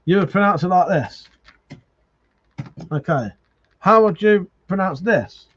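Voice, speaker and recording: A man's voice: sits high, lively intonation, measured pace, fairly bright tone, highs cut off, slight background noise. A man hosting a casual live stream, arguing animatedly, swearing freely and reading viewer comments aloud. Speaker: livestream host.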